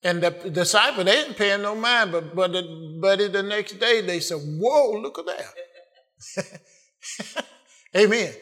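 A man preaching a sermon with fervent emphasis and repeated amens, swinging between quiet asides and loud declarations. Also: high-pitched, normal speed.

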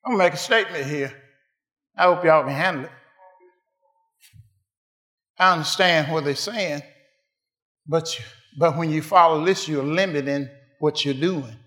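A man preaching a call-and-response sermon, asking the congregation questions and rising to shouted answers. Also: fairly high pitch, normal speed, long pauses.

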